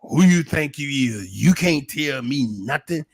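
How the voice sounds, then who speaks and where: A man's voice: on the high side, lively intonation, unhurried. A man voicing a sassy, dismissive woman who brushes off advice in a defiant tone.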